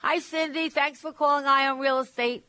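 A woman's voice: sits high, fairly even intonation, normal speed, bright, forceful tone, no room sound. A middle-aged or older woman hosting a call-in real estate radio show, giving blunt, emphatic advice with many restarts.

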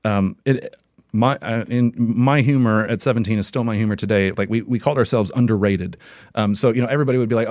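A man's voice: fairly low pitch, brisk, a little mellow, dry recording, clean studio sound. Rambling, chatty male interview guest. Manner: rambling, full of "like" and restarts, laughs often. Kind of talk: casual interview chat.

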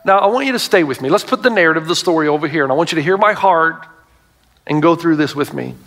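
High-voiced preaching pastor, middle-aged man. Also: lively intonation, fast, music in the background. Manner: storytelling with emphatic asides. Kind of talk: sermon.

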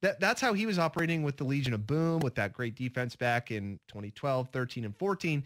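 A man's voice: medium pitch, animated, fairly quick, a bit bright, a little hiss or hum. A man co-hosting a sports radio show, giving opinionated, joking takes in casual talk with many fillers.

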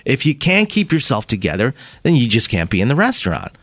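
A man hosting a morning radio show, telling a story in a casual, animated way and laughing as he goes. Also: mid-range voice, brisk, dry recording.

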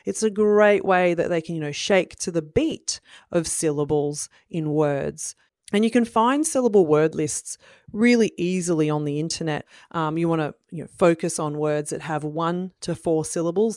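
A woman in her thirties with a low voice gives parents practical advice in an encouraging, friendly tone. She acts out little exchanges with children as she explains. The recording is dry and close, with no room sound. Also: moderate pace, darkish tone, dry recording. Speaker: parenting educator. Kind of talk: instructional talk to parents.

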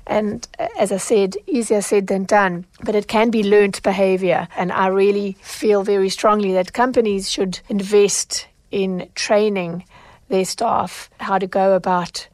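A woman's voice: mid-range voice, a little slow, no room sound. A middle-aged woman hosts her own podcast, talking straight to the listener in a conversational, storytelling way. Her voice is recorded close and dry, with no room sound behind it, and she livens up when she acts out what people said. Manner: animated when retelling, acts out quoted lines. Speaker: podcast host, consumer advocate.

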